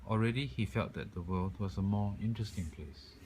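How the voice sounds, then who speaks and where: A man reading a children's picture book aloud in a calm, expressive way. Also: fairly low pitch, fairly quick, slight background noise, low-quality recording. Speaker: storyteller.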